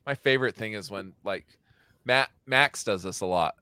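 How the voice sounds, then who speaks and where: Casting: thirties man, lower voice, dry close sound, loose swearing banter. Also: moderate pace, clean tone, no echo. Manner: animated, laughing, swears freely. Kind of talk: casual chat.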